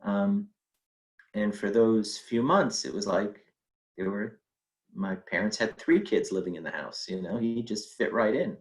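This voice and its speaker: Man telling a family story, lowish voice. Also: expressive, unhurried, low-quality recording. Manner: conversational, with fillers and acted quotes. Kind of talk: personal storytelling.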